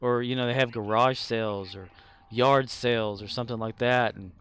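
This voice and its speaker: A man's voice: mid-range voice, fairly even intonation, normal speed, a bit bright, smooth. A man streaming a game, chatting casually with viewers in a rambling way and chuckling often. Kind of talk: casual live-stream chat.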